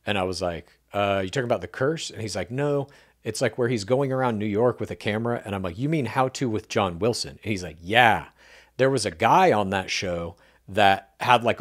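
A man co-hosting a casual podcast, telling an anecdote with animated delivery and acting out the dialogue he quotes. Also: lowish voice. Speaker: podcast co-host. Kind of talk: casual podcast chat, storytelling.

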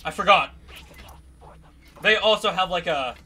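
Bright-voiced jumpy gameplay commentator. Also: male voice, high-pitched, unhurried. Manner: jumpy, exclaiming, talks to the monsters. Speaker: gaming YouTuber.

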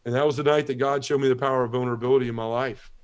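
A middle-aged man tells a personal testimony on a podcast. He speaks earnestly and emotionally, his voice often sinking low and quiet. His pitch sits in an ordinary middle range. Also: steady tone, racing, clean tone. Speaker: podcast guest. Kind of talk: testimony storytelling.

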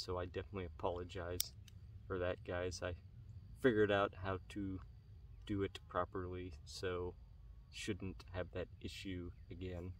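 A man with a deep, fairly monotone voice talks casually to his viewers in an earnest, halting way. He is recorded outdoors from a little distance. Faint outdoor noise with the odd passing vehicle sits behind him. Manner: earnest, halting, many pauses. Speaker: pipe-smoking channel host. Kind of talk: casual vlog talk to viewers. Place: outdoors on a rural property.

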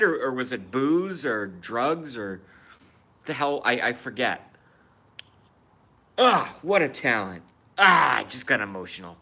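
A man hosting a casual livestream, reacting bluntly to viewers' chat and swearing freely, swinging between loud outbursts and quiet muttering. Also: mid-range voice, big pitch swings, measured pace. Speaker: livestream host.

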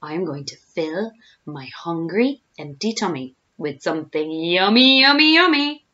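A woman's voice: low-pitched, expressive, a little slow, a little mellow. A woman playing a gloating greedy crocodile. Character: greedy sly male crocodile, enormous. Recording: dull lo-fi home recording.

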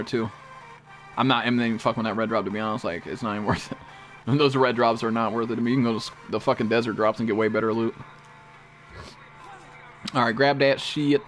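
A young man streaming a survival game, talking casually in heavy slang and swearing, sometimes breaking into panicked yelling. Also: medium pitch. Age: teens. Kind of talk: casual gameplay commentary. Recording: game music behind the voice.

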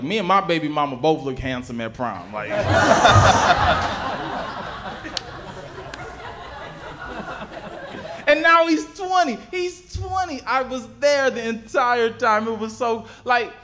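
Slow-talking, lively stand-up comic. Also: male voice, sits high, crowd noise, noisy background. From southern United States. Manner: stammering, laid-back storytelling. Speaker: stand-up comedian. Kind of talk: stand-up comedy set. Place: comedy stage before a live audience.

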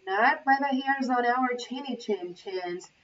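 A woman doing squeaky frightened little pigs. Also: measured pace, a little hiss or hum, close to an everyday voice. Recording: muffled, from far off the mic.

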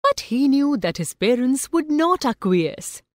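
A woman, narrating a story for students in a slow, expressive way and asking the class questions. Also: high-pitched, no room sound, clean studio sound.

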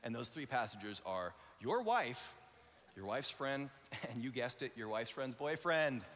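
A man, a pastor, telling a lively story in a sermon, acting out the voices of the people in it. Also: mid-range voice, a little slow, in a large hall, slight background noise. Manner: animated, acts out voices in his story. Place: large church auditorium.

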